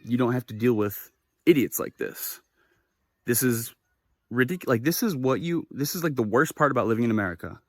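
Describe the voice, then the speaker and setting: A young man tells a casual vlog story in a lively, animated way and swears freely as he acts out each quoted voice. His pitch sits in the middle. The recording is dry and close, with no room sound. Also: fairly quick, no echo. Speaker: vlogger. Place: living in Japan.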